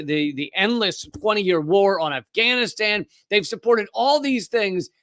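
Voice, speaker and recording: A man's voice: high voice, bright, forceful tone, dry recording. Impassioned man on a live stream. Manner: impassioned, fast, with restarts and profanity. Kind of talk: political commentary live stream.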